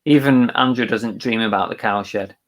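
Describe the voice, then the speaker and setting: A man's voice: on the low side, moderate pace. A man co-hosting a live reselling show, chatting casually and reading out viewer comments. He talks in an agreeable, thinking-aloud way.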